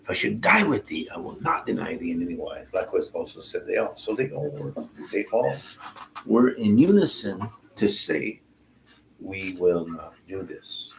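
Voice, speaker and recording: Low gravelly guy reading the bible out loud and chatting about it, slow and offhand. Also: expressive, a little hiss or hum, poor audio. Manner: reads slowly and pauses to comment, informal asides. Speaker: Bible teacher. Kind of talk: scripture reading with commentary.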